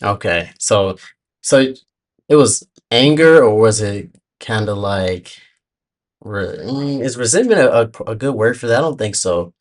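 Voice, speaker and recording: A woman hosting an interview, asking soft, hesitant questions with many fillers. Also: rumbling low, expressive, a little slow. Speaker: interviewer host. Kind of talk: conversational interview.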